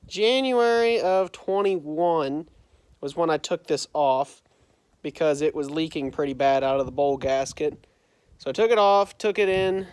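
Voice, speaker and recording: In a farm building, a man uses his phone camera to chat about repairing an old tractor, his fairly high, clean voice muffled by a face mask. There's no room sound. His talk rambles, full of self-corrections and tentative side comments.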